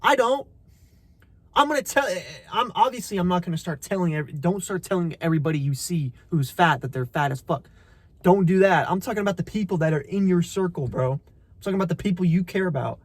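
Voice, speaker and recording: A young man delivers a preachy motivational rant straight at the listener. His voice sits high and sounds dry, with no room around it. He swears bluntly and keeps calling the listener "bro" and "brother.". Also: no room sound. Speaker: motivational content creator.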